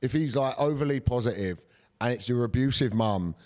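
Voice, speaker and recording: A man's voice: mid-range voice, normal speed, darkish tone. A man co-hosting a comedy podcast in casual chat, rambling and crude, slipping into silly voices for quotes. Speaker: podcast co-host. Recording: long hall reverb.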